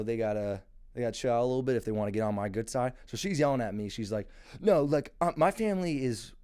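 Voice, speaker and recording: A man's voice: mid-range voice, darkish tone, smooth. A young man in his twenties hosting a solo podcast, rambling and swearing in a mocking, casual rant. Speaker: podcast host.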